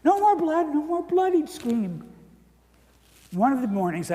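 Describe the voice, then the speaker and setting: A man in his seventies giving a testimony as a comic monologue, animated with deadpan, wry asides. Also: sits high. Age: 70s. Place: church. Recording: echoey church hall.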